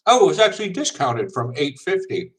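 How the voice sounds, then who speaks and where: A man's voice: a little high, big pitch swings, fairly quick, a bit bright, rough recording. A man from the United States chatting casually as a vlogger, wry and sarcastic. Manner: wry, sarcastic, laughs often. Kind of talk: casual chat.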